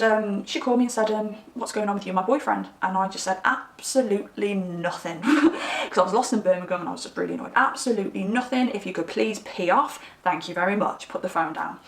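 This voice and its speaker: A young woman giving a casual tarot reading to camera, rambling and animated as she tells stories. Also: mid-range voice. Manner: chatty, rambling, animated storytelling. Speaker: tarot reader. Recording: roomy, slightly distant mic.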